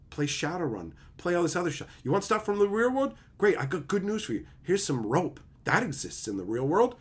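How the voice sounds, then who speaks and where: Angry sarcastic streamer, husky, animated pitch, lots of swearing. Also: male voice, fairly quick, few pauses. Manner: profane, heated, sarcastic, mocks opponents in put-on voices. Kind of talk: ranting commentary.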